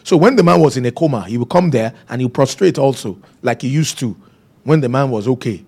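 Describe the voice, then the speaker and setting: A man's voice: medium pitch, a little fast, mellow, breathy edge. A man preaching a sermon, telling stories and repeating key phrases for emphasis. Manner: storytelling, emphatic repetition.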